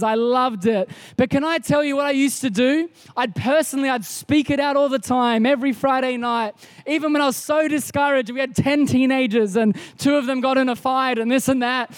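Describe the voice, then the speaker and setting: A man, preaching a sermon in a church auditorium with energetic bursts into shouts. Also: very high-pitched, no room sound. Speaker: pastor.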